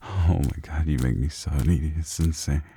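A man performing an intimate audio role-play in a low, close, murmured delivery, speaking near the microphone. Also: moderate pace, warm tone, slight background noise. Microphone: close microphone, speaking near the ear.

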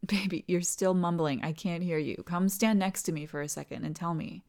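A woman in a whispered role-play as a doting partner, talking softly and tenderly and often dropping into whispers. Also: on the low side, steady tone, normal speed, creaky. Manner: soft, tender, soothing, slips into whispers. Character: doting, reassuring partner comforting the listener.

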